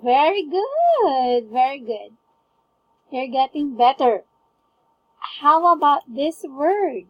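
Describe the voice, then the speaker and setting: High-pitched lady teaching english, slow and patient, lots of praise, dry close mic. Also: big pitch swings, no echo, highs cut off. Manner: patient, encouraging, frequent praise. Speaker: English tutor. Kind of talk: one-on-one online English lesson.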